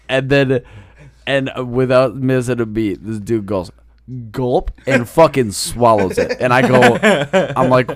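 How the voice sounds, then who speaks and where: A man's voice: mid-range voice, a little slow, no echo. A man chatting casually as a podcast host, telling stories with lots of swearing. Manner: swears freely, animated storyteller. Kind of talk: casual chat.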